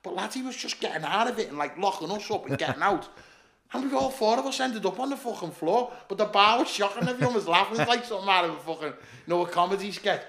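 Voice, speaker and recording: A man's voice: sits high, lively intonation, quick pace, a bit bright, echoey room. A man with a Liverpool accent, a former doorman, telling stories in casual chat, swearing and laughing as he goes. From Liverpool, England. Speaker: podcast guest, former doorman.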